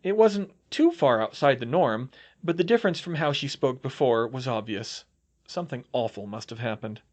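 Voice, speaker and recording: A man reading fan fiction aloud as an audiobook, in steady storytelling. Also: medium pitch, normal speed. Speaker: audiobook reader.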